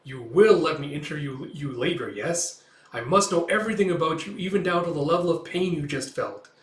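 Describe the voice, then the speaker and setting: A man's voice: a little high, far from the mic, close to an everyday voice. A man reading an eager old male cat scholar with a fussy, keen manner, in a roomy room. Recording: roomy echo.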